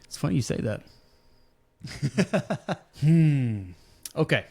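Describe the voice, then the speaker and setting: A man's voice: on the high side, big pitch swings, drawn-out words, vocal fry, dark tone, husky. A man hosting a podcast, chatting casually about wrestling and telling a long story with fillers. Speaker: podcast host.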